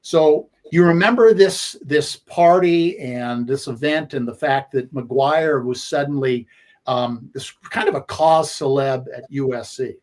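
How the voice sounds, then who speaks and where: A man in his sixties, a sports radio co-host, reminiscing at length in a halting way with many fillers. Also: medium pitch, darkish tone. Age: 60s. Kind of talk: conversational storytelling.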